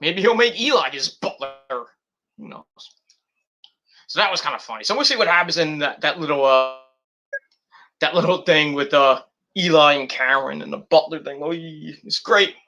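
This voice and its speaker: A man casually recapping a wrestling show in a vlog, animated and swearing freely as he acts out what people said. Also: fairly high pitch, normal speed, highs cut off.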